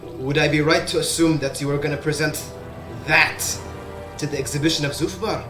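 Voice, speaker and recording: A man voicing a proud, guarded male dwarf engineer who asks measured, probing questions. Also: on the high side, music in the background, lightly acted. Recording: echoey room sound.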